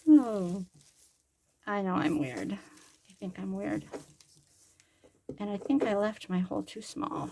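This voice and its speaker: A woman's voice: mid-range voice, takes it slowly, long pauses, dark tone, a little hiss or hum. An older woman and grandmother chatting casually and rambling while she sews a craft at home, joking about herself. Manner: chatty, rambling, jokes at her own expense. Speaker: crafting vlogger. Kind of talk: casual chat while sewing.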